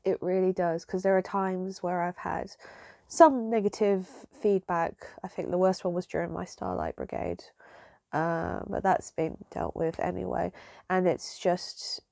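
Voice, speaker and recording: Gravelly-voiced woman, rambling vlog chat. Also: fairly low pitch, animated, measured pace, mellow, no room sound. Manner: rambling and emotional, with many fillers and restarts. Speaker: vlogger. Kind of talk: casual chat.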